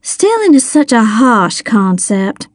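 A genteel, theatrical older lady who gushes over everyone in a high, sweet voice, as a woman reader puts her on. She speaks slowly and grandly, recorded close and dry for a storybook. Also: big pitch swings, dry recording, full character voice. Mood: gushing.

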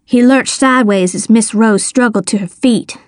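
A woman narrating a story in the first person, measured and dramatic. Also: on the high side, dry recording, studio quality. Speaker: audiobook narrator.

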